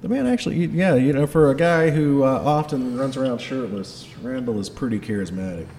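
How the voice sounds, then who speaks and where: A man's voice: mid-range voice, expressive, a little fast, darkish tone, reverberant, in a large hall, a little hiss or hum. A man narrating as game master of a tabletop game in a laid-back, rambling way.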